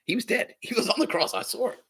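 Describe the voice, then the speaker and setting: A man voicing an excitable, awestruck male eyewitness who swears and laughs in disbelief. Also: extremely high pitch, fast talker, slightly rough, pitched above the performer's own voice, exaggerated voice. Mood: amazed. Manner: breathless, profane, laughing in disbelief.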